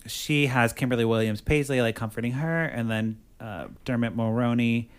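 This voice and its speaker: A man's voice: mid-range voice, fairly even intonation, normal speed, clean tone. A man hosting a podcast, casually recapping a movie plot and filling his talk with "like". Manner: chatty, fills speech with "like". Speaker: podcast host.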